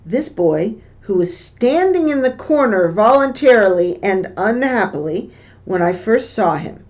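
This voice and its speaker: A woman teacher reading a book passage aloud and stopping to explain what words mean, in a slow, deliberate way. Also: mid-range voice, sing-song, darkish tone, lo-fi sound. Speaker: English teacher.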